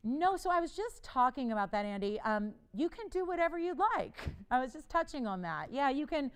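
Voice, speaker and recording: A woman hosting a live TV jewelry shopping show, pitching an auction in a chatty, playful way, laughing often and urging bidders on. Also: very animated, fairly quick. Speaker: TV shopping host. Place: TV studio.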